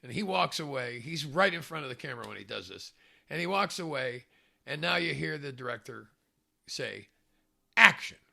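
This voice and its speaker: A man's voice: medium pitch, animated, moderate pace, gravelly, sharp tone. A man casually telling a self-mocking story, chuckling often as he talks. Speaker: storyteller recalling a film job.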